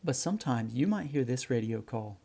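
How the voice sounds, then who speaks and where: Brief: a male flight instructor with a warm, gravelly voice, explaining in an easygoing way. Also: mid-range voice, brisk. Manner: relaxed, friendly explaining, addresses viewers as guys. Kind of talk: instructional narration.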